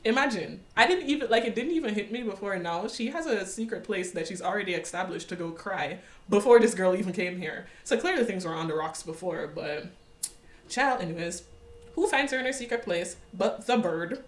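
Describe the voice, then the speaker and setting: A young woman casually recapping a series, sassy and animated, with slang and quick asides. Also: medium pitch, roomy sound. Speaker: recap vlogger.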